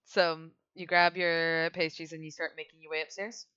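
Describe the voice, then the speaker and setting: A woman's voice: low voice, flat delivery, normal speed, bright, forceful tone, clear, resonant tone, no echo, dull audio. A woman narrating a tabletop game as game master, casual and laughing often.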